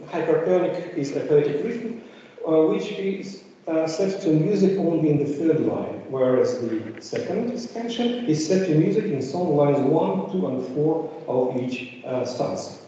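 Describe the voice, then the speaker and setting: A man giving an academic conference lecture, pausing often with fillers as he explains. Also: fairly high pitch, warm tone, a little hiss or hum. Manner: hesitant, many filler pauses. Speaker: conference speaker. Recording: echoey, distant, dull room recording.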